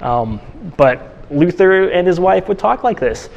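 A man's voice: high voice, expressive, unhurried, vocal fry, darkish tone, in a large hall, muffled recording. A man teaching a church class in a casual, conversational way, often restarting his sentences. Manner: conversational, with frequent restarts and fillers.

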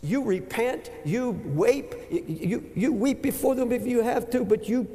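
An older man preaching a sermon with a fervent, halting delivery that climbs to shouting. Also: very high voice. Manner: impassioned, rising to shouts, halting repetitions. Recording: echoey hall with long reverb.

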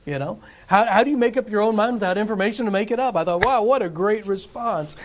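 A middle-aged pastor delivers a sermon in a church, his voice pitched a little higher than most men's. He speaks conversationally and keeps turning to the congregation with questions. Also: fast talker. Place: church sanctuary.

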